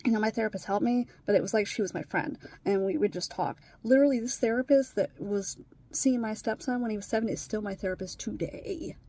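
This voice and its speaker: A deeply upset woman speaking bluntly as she tells a personal story to her camera, swearing freely and often sinking to a whisper. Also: fairly quick, warm tone. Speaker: vlogger sharing her life with trauma.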